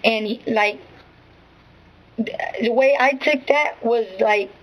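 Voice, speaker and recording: A woman's voice: on the high side, slow, low-quality recording. A woman being questioned as a witness, giving a rambling, profane spoken account full of restarts and filler phrases. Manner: rambling, profane, full of restarts and "you know what I'm saying".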